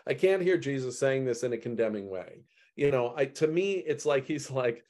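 Animated man leading a Bible study. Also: normal speed. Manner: animated, acts out quoted lines with big pitch jumps. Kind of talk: group Bible study discussion.

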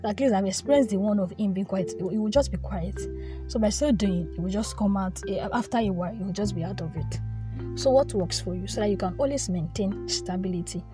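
A woman's voice: medium pitch, fairly quick, music in the background. A young woman giving an earnest devotional talk, often repeating her phrases. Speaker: devotional speaker. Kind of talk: informal devotional teaching.

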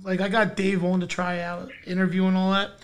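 Male podcast host, high voice, upbeat and chatty. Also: monotone, a little fast. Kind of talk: casual chat.

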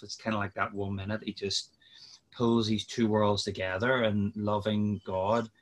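A man's voice: on the low side, level tone, measured pace. A man who is a podcast guest, chatting easily and reading scripture steadily over a video call. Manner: easygoing, reads scripture steadily. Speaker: podcast guest, mission partner. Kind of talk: casual chat and scripture reading.

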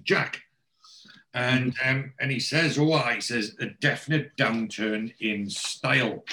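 Male host, mid-pitched voice, casual recap, quotes characters' lines, lots of ums and restarts. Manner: retells scenes by quoting characters' lines, with frequent ums and restarts.

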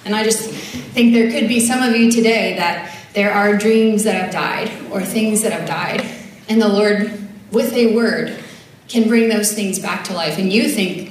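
A woman's voice: medium pitch, unhurried, distant mic, noisy background. Earnest woman preaching in echoey hall. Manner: earnest, conversational, with frequent filler words. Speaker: speaker at a church service. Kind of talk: sermon with scripture reading.

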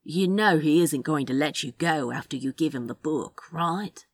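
Quiet, wry, laid-back man, as a woman reader puts him on in a storybook reading; lowered voice, dry close sound. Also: normal speed, no room sound. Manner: low, soft, wry.

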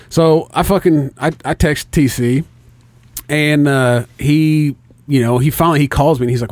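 A man's voice: mid-range voice, fast talker, dry recording. A man telling a story in casual chat, swearing often and acting out both sides of the conversation. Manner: profane, animated storytelling.

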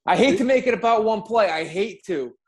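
A man with a slightly higher voice than most chats loosely about sports bets. He talks conversationally, tossing in quick asides and wry remarks. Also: animated, crowd noise. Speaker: podcast co-host. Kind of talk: casual sports betting chat.

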